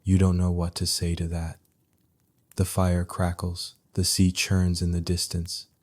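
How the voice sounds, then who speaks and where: A man narrating a soothing sleep story in a very deep, hushed voice. He speaks slowly, with barely any lift in pitch. His delivery stays soft and even.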